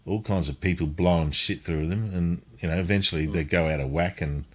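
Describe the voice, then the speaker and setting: A man's voice: low voice, fairly quick. A man chatting casually, rambling with lots of fillers and swearing. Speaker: guest. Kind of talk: casual chat.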